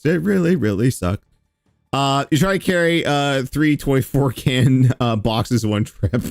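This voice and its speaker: A man reacting on stream with sarcasm, profanity and mocking impressions. His pitch swings widely as he rants. The sound is dry and close, with a bit of music underneath. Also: animated, normal speed, dry recording. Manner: sarcastic, swearing, laughing, mocking with mimicked quotes. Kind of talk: casual reaction commentary.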